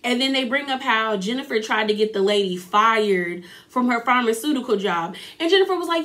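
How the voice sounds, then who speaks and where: Woman, sassy casual recap host, animated, a bit high-pitched voice. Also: a little fast, hardly any pauses. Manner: animated, sassy, acts out quotes in her own voice.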